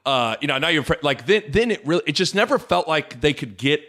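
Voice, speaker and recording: A man's voice: a little high, animated, fairly quick, fairly bright tone. A man hosting a casual sports talk podcast, rambling and jokey, with frequent restarts as he breaks down a game.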